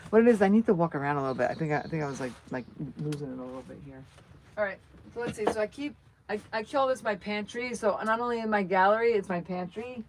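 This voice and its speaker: A woman's voice: mid-range voice, animated, fast talker, darkish tone, a little hiss or hum, rough recording. A woman hosting a casual livestream, chatting in a rambling, self-joking way as she moves around her truck outdoors, filmed on a phone. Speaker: channel host. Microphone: phone camera.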